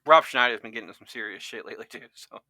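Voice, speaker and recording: A man's voice: medium pitch, rapid-fire, bright, forceful tone, no echo. A man hosting a podcast in casual chat, rambling and restarting often as he talks through votes. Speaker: podcast host.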